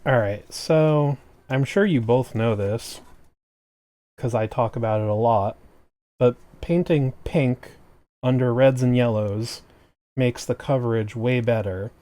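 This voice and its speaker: Slow-paced and dark-toned, a medium-pitched man chats jokily with his stream viewers while painting miniatures at a desk microphone. His casual talk often trails off mid-sentence before he restarts.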